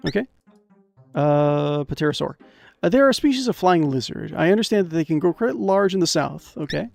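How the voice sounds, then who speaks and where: A man's voice: fairly high pitch, normal speed, vocal fry, soft background music. A young man streaming a fantasy adventure game, reading its text aloud and cracking crude jokes. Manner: excitable, jokey, reads game text aloud with crude asides. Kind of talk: casual gameplay commentary.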